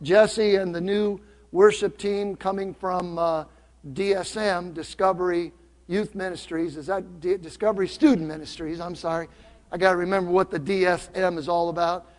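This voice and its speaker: A high-pitched man preaches with an upbeat, teasing warmth toward his congregation. His voice rings through a church sanctuary with a long, lingering reverb. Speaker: pastor. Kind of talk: sermon.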